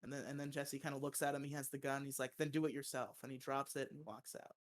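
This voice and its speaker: A movie review podcast host recaps a plot casually, laughing a lot, swearing freely and acting out quotes. His mid-range voice is monotone and quick.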